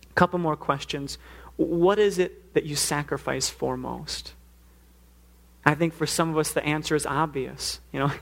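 A man's voice: fairly high pitch, gravelly. A man preaching a sermon, earnest, now and then acting out the pleas he quotes. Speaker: pastor.

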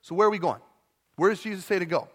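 A young adult man preaching a sermon to a church congregation in a conversational, animated way, dropping into playful voices. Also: sits high, fast talker. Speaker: pastor.

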